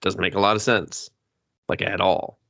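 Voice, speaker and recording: Gravelly, bright-voiced male podcaster. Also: low-pitched, flat delivery, moderate pace, no echo. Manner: profane, jokey, acts out characters in exaggerated voices. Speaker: podcast co-host. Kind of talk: casual movie recap chat.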